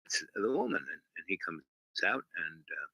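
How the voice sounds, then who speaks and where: Bright-voiced man telling a rambling story. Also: sits low, sing-song, creaky, no echo, low-quality recording. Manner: halting, many fillers and restarts. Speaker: channel host.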